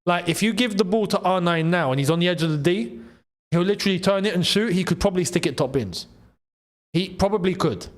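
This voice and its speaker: A young man hosting a casual live football watchalong, excitable and bantering, laughing often. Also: high-pitched, brisk. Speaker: football channel host.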